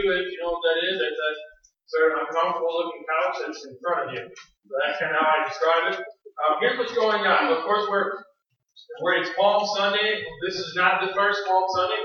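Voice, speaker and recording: A man preaching a casual, storytelling sermon in a church, loudly acting out the quoted lines. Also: high-pitched. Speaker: pastor. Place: church sanctuary. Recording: echoey church, distant, slightly dull.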